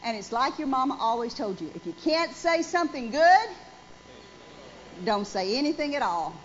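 In a church, a female pastor in her forties preaches emphatically in a high voice, repeatedly asking the congregation questions. Faint noise sits under the dull, lo-fi audio.

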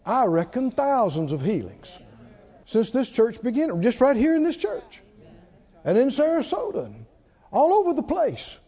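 A man preaching a sermon as pastor of a church, animated, calling out hallelujahs. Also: extremely high pitch, a little slow, breathy edge. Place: church sanctuary. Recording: dull sound, long hall reverb.

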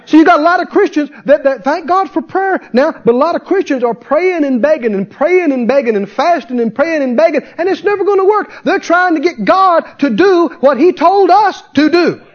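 The voice is extremely high-pitched with lively intonation, moving at normal speed with few pauses. Captured on a dull lo-fi sermon recording, this man delivers a fervent sermon, hurling rhetorical questions at the congregation and supplying the answers himself.

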